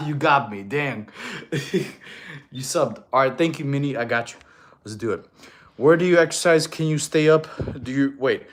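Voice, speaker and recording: A man's voice: mid-range voice, moderate pace, fairly bright tone. A fitness coach, a man, chatting casually on a live stream, reading viewers' comments aloud, joking, laughing often and calling people bro. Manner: counts out push-ups between answers.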